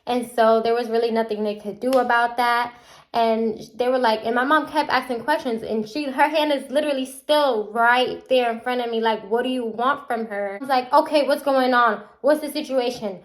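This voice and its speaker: A woman's voice: on the high side, normal speed. Chatty young woman telling a story. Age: young adult. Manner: animated, acts out quotes with a chatty run-on delivery. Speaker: vlogger. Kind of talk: casual storytime.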